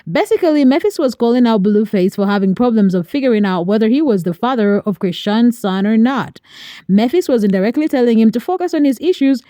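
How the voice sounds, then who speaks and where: Woman narrator for a gossip recap; higher voice, mellow tone, dry close sound. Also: fairly quick, no echo. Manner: steady, explanatory gossip recap. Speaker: commentary narrator. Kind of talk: scripted narration.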